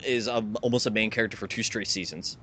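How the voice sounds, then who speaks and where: A man's voice: on the low side, quick pace, a bit bright, breathy edge. A man co-hosting a casual podcast chat, animatedly explaining a show and pointing out pictures. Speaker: podcast co-host.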